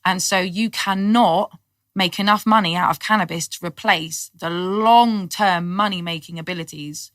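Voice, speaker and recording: A woman's voice: on the low side, moderate pace, fairly bright tone, no echo. A middle-aged woman, a podcast guest speaking frankly and earnestly, explaining things at length. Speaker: podcast guest, cannabis activist. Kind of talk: casual interview chat.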